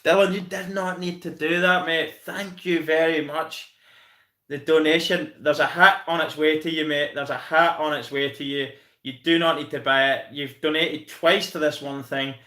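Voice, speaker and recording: A Scottish man chats casually on his live stream, thanking viewers by name and calling them mate. His voice is fairly high for a man, with a bright, forceful edge. It rings in an echoey room. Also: steady tone, normal speed. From Scotland. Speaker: channel host reviewing football.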